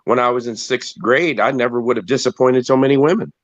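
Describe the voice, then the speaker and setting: A man's voice: medium pitch, fast, no echo. A sick man with a congested voice trades crude jokes in a casual online panel chat. His mid-range voice comes through a dull, lo-fi line. The sound is dry and close. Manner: crude joking. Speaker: panel participant.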